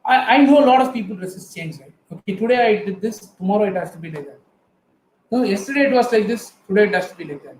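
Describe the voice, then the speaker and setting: A middle-aged man with an Indian English accent gives an earnest motivational talk, turning often to speak straight to his audience. His voice sits high for a man. The room is echoey, with faint ambience behind him. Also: animated, fast, a little mellow, slight background noise. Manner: earnest storytelling, addresses the audience directly. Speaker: guest speaker.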